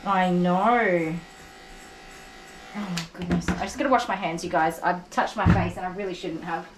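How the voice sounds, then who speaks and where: A dog groomer with a lowish, steady voice talks to the dog at a moderate pace as she works in a salon, offering soothing, repeated praise and chatty comments to viewers. The room is echoey and noisy, with electric clippers buzzing in the background.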